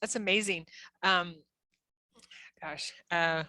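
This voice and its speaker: Bright-voiced woman hosting a chat. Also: lowish voice, slow, no room sound. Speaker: podcast host. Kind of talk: casual interview chat.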